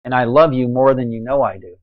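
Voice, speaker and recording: A man delivering a preachy, impassioned monologue, swinging between a raised voice and quiet intensity. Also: mid-range voice, fairly quick, dry recording, phone-quality sound. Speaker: video blogger.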